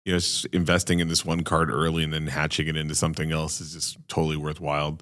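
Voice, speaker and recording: A man's voice: a bass voice, completely flat delivery, quick pace, a bit bright. A man co-hosting a podcast in laid-back casual chat who tends to repeat short phrases. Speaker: podcast co-host.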